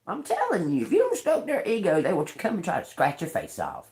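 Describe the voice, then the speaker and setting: A woman giving a live tarot reading, ranting in a profane, animated way and laughing often. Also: fairly low pitch, fairly quick. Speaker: tarot reader. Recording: roomy echo.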